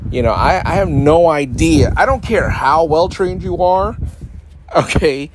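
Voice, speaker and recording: A man's voice: on the high side, lively intonation, unhurried, background noise. A man ranting in a casual, rambling way, sarcastic, full of restarts and swearing, mocking other people's voices as he goes. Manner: frequent restarts and profanity. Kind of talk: casual rant.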